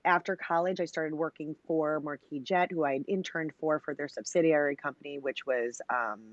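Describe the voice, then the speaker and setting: This thirties-aged company founder has a bass voice, captured without echo and with the highs cut off. Telling her story in a laid-back interview, she goes on at length, drops "you know" and "like" everywhere, and acts out quoted lines.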